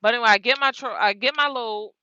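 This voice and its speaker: A young woman, telling a casual story about her trucking day in an animated, slangy way, laughing often. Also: a little high, quick pace, no echo, lo-fi sound. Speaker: truck driver vlogger.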